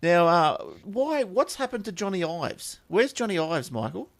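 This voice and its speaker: A man's voice: high voice, moderate pace. An Australian man hosting a casual tech podcast, jokey and steering the conversation. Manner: lively, jokey, steers the talk. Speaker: podcast host.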